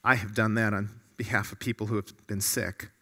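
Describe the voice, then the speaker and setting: A man's voice: on the low side, little pitch movement, moderate pace, sharp tone. A man preaching a sermon to a room of listeners, earnest and often putting questions to them.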